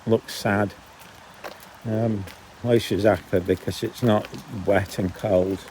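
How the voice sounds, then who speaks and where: A man's voice: lowish voice, steady tone, slow pace, darkish tone, a little hiss or hum. A man chatting and grumbling as he walks dogs along a canal path outdoors, often breaking off mid-sentence. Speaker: vlogger. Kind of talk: casual walking vlog monologue.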